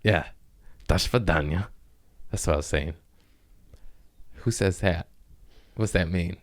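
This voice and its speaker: A man hosting a comedy podcast, rambling in casual chat while high, self-mocking and breaking into fits of laughter. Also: slow. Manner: giggly, stoned, self-mocking with bursts of laughter.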